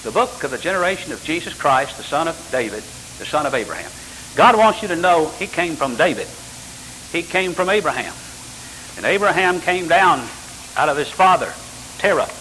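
An older man preaching a sermon as pastor, full of rhetorical questions and sudden jumps in pitch. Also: sing-song, normal speed, pushed and bright. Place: church sanctuary. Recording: church hall reverb with faint hiss.

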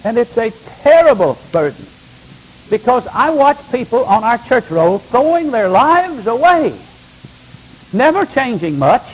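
An older man, a pastor, preaching a sermon with emphatic delivery, dropping to hushed lines and rising to loud ones. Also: extremely high pitch, sing-song, unhurried, husky, low-quality recording.

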